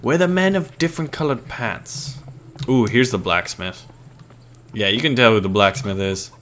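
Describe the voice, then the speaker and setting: A man's voice: medium pitch, moderate pace, fairly bright tone. A man with a scratchy voice, giving joking, casual commentary on a game as he plays. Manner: playful, jokey, casual. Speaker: gaming channel host. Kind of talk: let's play commentary.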